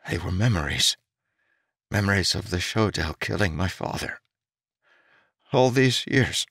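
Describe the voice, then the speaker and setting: A man's voice: animated, a little slow, vocal fry, a bit bright, husky, no echo, studio quality, heavily acted. A man voicing a young male commander, grief-stricken and guilt-ridden, whose speech rises into anguished cries. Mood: stunned. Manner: anguished, rising to high cries.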